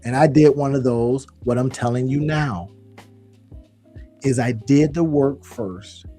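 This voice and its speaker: A man giving a live screen-share tutorial on online business, talking in an animated, folksy way and calling viewers y'all. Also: medium pitch, slow pace, soft background music.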